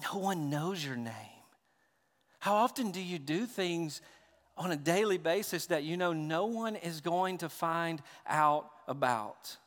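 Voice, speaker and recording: A man with a notably high voice delivers a sermon from the pulpit. His preaching is animated, dropping low and quiet, then rising loud and emphatic. A long church-hall reverb trails behind every phrase. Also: unhurried. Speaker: pastor.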